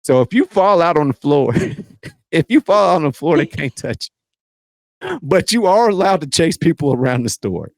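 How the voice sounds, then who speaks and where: Animated man chatting on a podcast. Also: normal speed, gravelly, dry recording. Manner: animated, jumps between loud bursts and low mutters. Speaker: podcast co-host. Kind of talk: casual chat.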